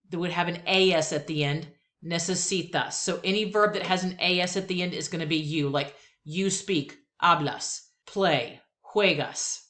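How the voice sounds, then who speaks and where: Low-voiced woman teaching Spanish phrases. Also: a bit bright. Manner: patient, repeats each phrase slowly twice; chatty asides between drills. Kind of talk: language lesson.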